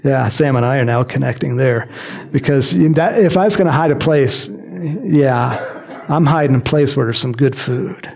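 A man preaching a sermon in a lively, joking manner, acting out quotes and adding chuckling asides as he explains a Bible passage. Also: mid-range voice, moderate pace, creaky. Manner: animated and jokey, acts out quotes, frequent chuckles and asides.

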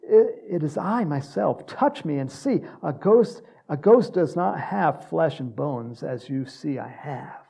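A man with a gravelly, husky voice voicing a calm, reassuring risen teacher in an earnest, emphatic way while reading scripture aloud. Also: on the high side, measured pace, few pauses, exaggerated voice.

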